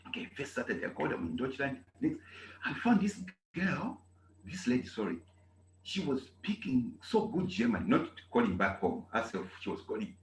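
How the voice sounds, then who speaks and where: A man's voice: medium pitch, big pitch swings, normal speed. A man gives a German lesson, his voice swinging widely up and down as he repeats key points. He acts out little scenes for the students. The sound is roomy and echoey, with a faint hiss underneath. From Zambia. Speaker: German teacher. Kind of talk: online class lecture. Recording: echoey room with faint noise.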